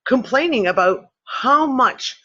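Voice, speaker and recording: A man hosting a discussion show, thinking out loud in loose, rambling speech with casual swearing and frequent restarts. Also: very high-pitched, lively intonation, slow pace. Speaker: podcast host. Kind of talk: casual speculative talk. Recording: dull lo-fi recording.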